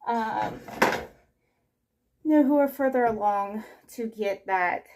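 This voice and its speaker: A young woman chats in a casual, scatterbrained ramble, cutting herself off and circling back, slightly out of breath from moving around. Her voice sits somewhat high. The home kitchen recording carries steady noise and clicking sounds. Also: takes it slowly. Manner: rambling, self-interrupting, scatterbrained. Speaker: vlogger. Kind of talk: casual chat while doing chores.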